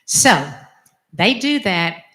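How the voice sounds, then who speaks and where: An older woman, a religious sister, telling a personal story in an animated, emphatic way. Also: mid-range voice, very slow. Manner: animated, emphatic, acts out quotes. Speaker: religious sister giving a testimony. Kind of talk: storytelling talk.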